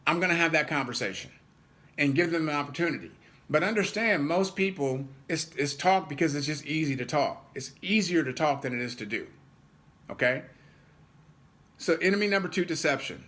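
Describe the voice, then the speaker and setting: A man's voice: on the high side, animated, fairly quick, fairly bright tone. A man giving an emphatic motivational talk to an audience, repeating words for stress and acting out the people he quotes. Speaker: motivational speaker.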